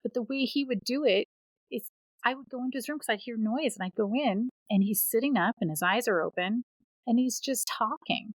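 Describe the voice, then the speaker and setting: A woman in her thirties, a podcast co-host, telling personal stories in a casual, animated way and acting out the voices she quotes. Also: on the high side, fairly quick, no room sound, poor audio. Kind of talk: casual storytelling chat.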